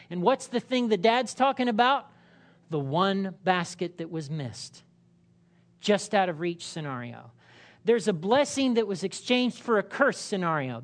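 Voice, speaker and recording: A woman pastor preaching a sermon in a church, asking rhetorical questions and repeating key phrases. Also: fairly low pitch.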